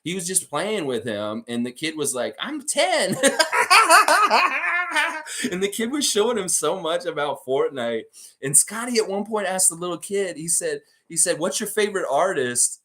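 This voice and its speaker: A man hosting a casual sports fan show, telling stories in an excitable, rambling way. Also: a little high, normal speed. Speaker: sports podcast host.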